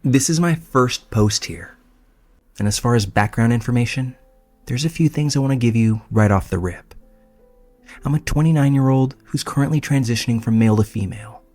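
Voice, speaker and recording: A man's voice: mid-range voice, a little mellow. Man narrating a horror story. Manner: measured storytelling, casual profanity. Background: faint music.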